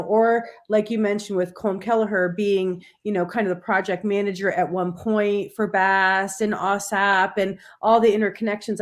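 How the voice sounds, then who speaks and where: Woman co-host chiming in casually. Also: medium pitch. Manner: agreeable, chiming in with quick remarks. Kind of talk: casual radio interview chat.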